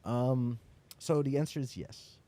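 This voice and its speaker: A man, chatting casually in an interview, telling animated stories and swearing freely. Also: medium pitch, unhurried. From Netherlands. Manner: animated storyteller, acts out quoted dialogue, swears casually. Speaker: interviewee, entrepreneur.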